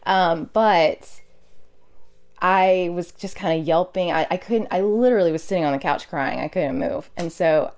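A woman's voice: on the low side, normal speed, darkish tone. A woman, a nurse, recounting her experiences as a guest in a casual interview, in an earnest and emotional way.

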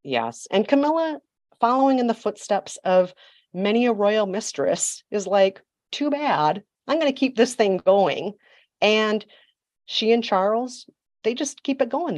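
Woman podcast guest, low-pitched, sassy storyteller, dry close sound. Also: no room sound. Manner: sassy, emphatic, mocking asides. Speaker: podcast guest, royal commentator. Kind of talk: storytelling chat.

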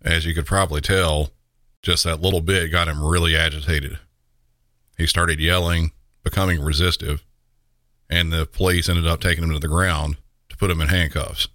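A man's voice: deep voice, level tone, moderate pace, pushed and bright, dry recording. A man narrating police incidents with dry, wry asides. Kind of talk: scripted narration.

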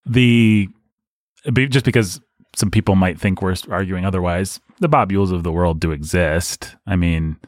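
A man co-hosting a podcast, talking in an animated, rambling and candid way about a book. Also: low-pitched, moderate pace, dry recording, clean studio sound. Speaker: podcast co-host. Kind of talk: casual book discussion.

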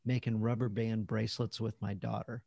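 A man's voice: on the low side, brisk, gravelly, no room sound. Coach guy talking casually on a podcast, dry close sound, easygoing. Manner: relaxed, conversational, laughs between stories. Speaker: parenting coach and author, guest. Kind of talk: casual interview chat.

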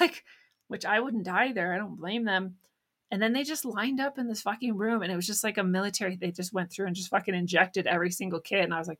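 Woman ranting thru the news, bright tense voice, swears a lot, sarcastic, keeps laughing. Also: medium pitch, fairly even intonation, fast. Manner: sarcastic and profane, laughing often. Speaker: host. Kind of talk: casual news commentary monologue.

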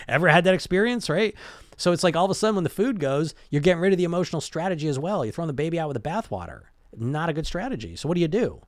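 A man's voice: on the high side, big pitch swings, racing, dry recording. Chatty man coaching in a dry room. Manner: conversational, keeps asking "right?" and "you know?"; restarts and repeats words mid-sentence. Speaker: weight-loss coach. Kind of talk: casual motivational talk.

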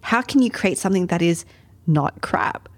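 Lively woman host questioning listeners. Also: fairly low pitch, normal speed. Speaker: podcast host. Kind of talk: scripted commentary.

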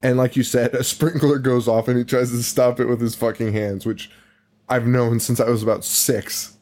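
A young man co-hosting a podcast, recapping a movie in casual chat, animated and profane, laughing often and acting out quotes. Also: medium pitch, normal speed. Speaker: podcast co-host.

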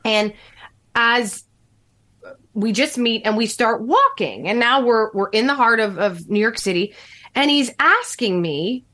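A woman telling a personal story on a podcast in casual chat, animated, acting out the quoted lines. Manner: animated, acts out quotes with shifting pitch. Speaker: podcast guest.

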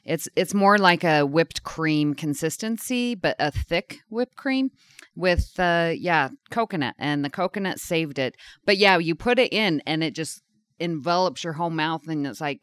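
An American woman chatting casually as a podcast co-host, talkative and quick to laugh. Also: sits low, no echo. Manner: chatty, animated, laughs easily. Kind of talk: casual chat.

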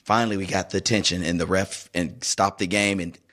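A man and youth soccer coach chatting casually as co-host, telling a story with lively acted-out quotes. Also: deep voice, brisk. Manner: animated storyteller, acts out quoted voices. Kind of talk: casual chat.

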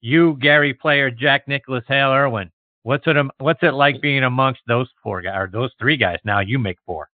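A man's voice: medium pitch, normal speed, no echo. A man hosting an interview who asks leading, enthusiastic questions. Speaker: podcast host. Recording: tinny phone-line sound, dry.

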